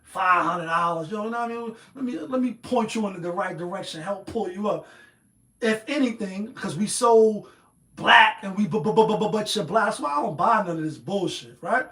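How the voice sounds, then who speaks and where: A man's voice: high-pitched, moderate pace, fairly bright tone, echoey room. A man hosting a show, giving a rambling, profane, streetwise opinion monologue. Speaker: host. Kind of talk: casual monologue.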